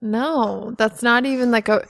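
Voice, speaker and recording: A young woman co-hosting a comedy podcast, animated and swearing freely. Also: a little high, a little slow, dry recording. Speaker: podcast co-host. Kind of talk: casual comedy podcast chat.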